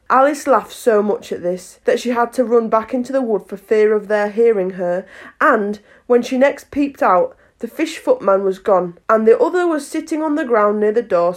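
A woman narrating a children's classic in a clear, measured reading voice. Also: mid-range voice. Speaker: audiobook reader. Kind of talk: storybook narration.

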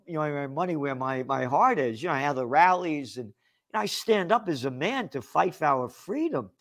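A man's voice: on the high side, animated, normal speed, fairly bright tone. A man hosting a political talk show, rambling and indignant, with many restarts and fillers. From United States. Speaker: host.

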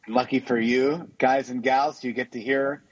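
A man's voice: mid-range voice, fairly even intonation, moderate pace, husky, no room sound. A man co-hosting a podcast, chatting casually and stumbling over his words. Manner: chatty, stumbling restarts, laughs often. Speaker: podcast co-host. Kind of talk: casual chat. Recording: dull lo-fi sound.

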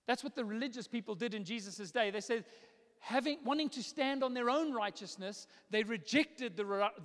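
A man in his thirties, a pastor, preaching a sermon in a church auditorium in a conversational, animated way. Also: high voice. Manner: conversational, animated storytelling with laughs. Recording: long reverb of a large hall.

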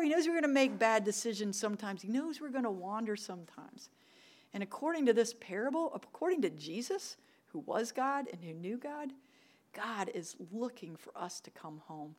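A middle-aged woman, giving a sermon as a church ministry director, telling stories and repeating her key points for emphasis. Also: medium pitch. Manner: warm storytelling with emphatic repetition.

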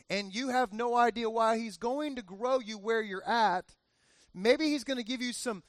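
A man's voice: very high-pitched, a bit bright, dry recording, studio quality. A male pastor giving a conversational sermon, often repeating phrases for emphasis and adding joking asides.

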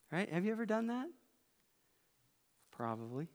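A high, smooth-voiced man preaches a sermon, dropping to quiet remarks and then rising to loud, emphatic passages. His voice rings out with a long reverb, as if filling a large church sanctuary. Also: very animated, moderate pace, pauses often. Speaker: pastor.

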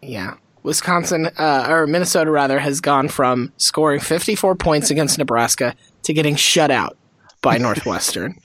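A woman's voice: low voice, normal speed, no echo. A woman co-hosting a casual sports podcast, talking with dry sarcasm. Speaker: podcast co-host.

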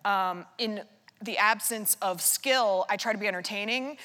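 A woman guest author in a live onstage conversation, telling rambling, self-deprecating stories full of quick imitations. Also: mid-range voice, pushed and bright, long reverb tail. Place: theater stage before a live audience.

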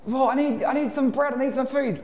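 A man's voice: very high voice, steady tone, fairly quick, a little mellow, pitched above the performer's own voice. A man playing a desperate neighbour knocking at midnight for bread, pleading and insistent, in an echoey church hall.

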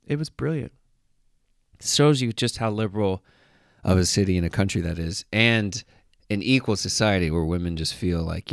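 A man's voice: low-pitched, moderate pace, vocal fry, no echo, clean studio sound. A man talking casually to camera as a travel vlogger, joking and sarcastic, with a rambling, offhand way of talking. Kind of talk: casual monologue.

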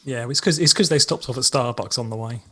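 A man co-hosting a casual podcast chat, speaking in a measured way with hesitant restarts. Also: mid-range voice, bright, forceful tone, slightly rough. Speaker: podcast co-host. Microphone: headphones on a remote call.

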